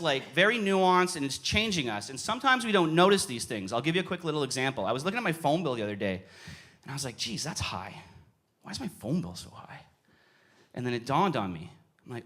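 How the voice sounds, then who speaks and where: A young man doing stand-up in a comedy club, his voice bright and higher than most men's. He swings his pitch all over the place and breaks into sudden yells when he acts out his stories. Audience laughter rises behind him. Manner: animated, yelling bursts in acted-out stories.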